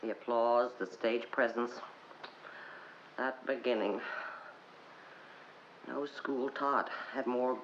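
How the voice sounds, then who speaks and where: An actress playing a wry, bitter woman who drinks too much, talking in slow, theatrical swings from low murmurs to sharp high bursts. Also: fairly even intonation, full character voice. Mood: mocking. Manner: sardonic, theatrical, sweeping pitch swings. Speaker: actress in a filmed stage play. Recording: dull old film soundtrack with faint hiss.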